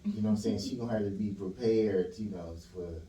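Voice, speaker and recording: A man's voice: lowish voice, a little fast, warm tone. A man hosting a podcast in a loose, slangy way, with lots of filler phrases as he asks questions. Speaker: podcast host. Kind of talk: casual interview chat. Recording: roomy room, distant mic, faint hiss.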